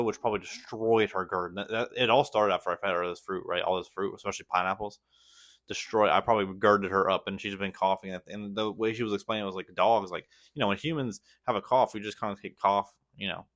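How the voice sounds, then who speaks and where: A young man chats loosely to his viewers, his voice sitting a little low. He rambles, restarts his sentences and drops slang everywhere, often running himself down. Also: a bit bright. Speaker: vlogger. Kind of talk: casual vlog chat.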